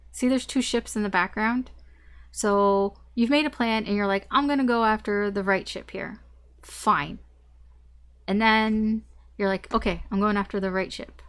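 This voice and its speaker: A woman giving a casual tarot reading straight to the listener, candid and blunt, swearing now and then. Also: mid-range voice. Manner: candid and blunt, swears, laughs between points. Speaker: tarot reader.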